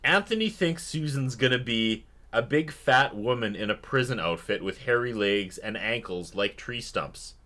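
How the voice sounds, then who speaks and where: A man co-hosting a podcast in a loose, casual chat. His voice is bright and forceful, set at an average pitch for a man. He talks in an animated way and laughs often. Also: normal speed, few pauses. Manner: animated, laughs often, jumps into exaggerated voices when quoting. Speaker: podcast co-host. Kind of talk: casual chat reviewing a sitcom episode.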